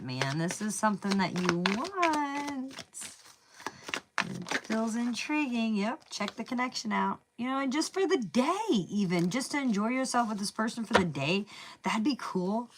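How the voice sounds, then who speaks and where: A tarot reader with a Southern US accent and a mid-range voice gives a casual reading, chatty and thinking aloud, saying "y'all" and "man." The background is noisy.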